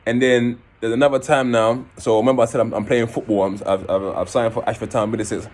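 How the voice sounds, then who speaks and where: A man, telling a personal story and acting out quoted voices in a raised pitch. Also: fast talker. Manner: animated, acts out quotes in a raised voice.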